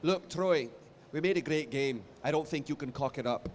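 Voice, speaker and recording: A man voicing a Scottish male game director in a deliberately clumsy put-on Scottish accent. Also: fairly high pitch, long reverb tail, slight background noise, voice pushed up, lightly acted. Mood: reassuring. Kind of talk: anecdote impression.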